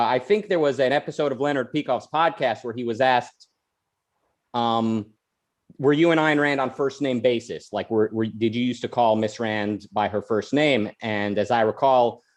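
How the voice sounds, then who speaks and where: A man hosting a podcast, talking in a chatty, rambling way full of restarts and side tangents. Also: medium pitch. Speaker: podcast host. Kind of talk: casual podcast chat.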